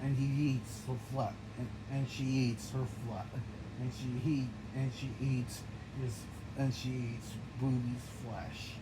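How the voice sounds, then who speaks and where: A man improvising a game narration in an excitable, stumbling way, often restarting his phrases. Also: medium pitch, slow pace. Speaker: gameplay narrator. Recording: noisy background.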